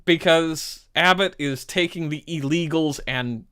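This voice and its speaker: A man's voice: a little high, a little slow, a bit bright, clean tone. A man in casual political banter, mocking and laughing often.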